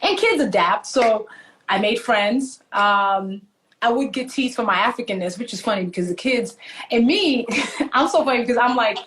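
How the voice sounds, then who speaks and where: A woman from Nigeria, animated and laughing often as she tells stories in a conversational interview. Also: a little high, normal speed. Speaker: author and guest.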